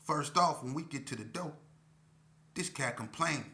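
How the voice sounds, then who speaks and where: A man's voice: fairly high pitch, expressive, normal speed, pauses often, bright, forceful tone. A middle-aged man telling a story from his past in a laid-back, slangy way, with lots of "you know" fillers. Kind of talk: casual street storytelling.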